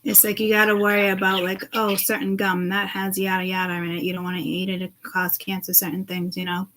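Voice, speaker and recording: A woman's voice: mid-range voice, monotone, brisk, a bit bright, low-quality recording. A woman speaking to her viewers in a loose, rambling monologue, agitated and swearing freely. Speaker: self-described seeress.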